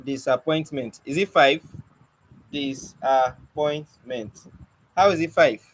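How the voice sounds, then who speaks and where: A man's voice: fairly high pitch, moderate pace, husky, rough recording. A young man teaching an online poetry lesson, coaxing and questioning his students with light teasing. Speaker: poetry mentor.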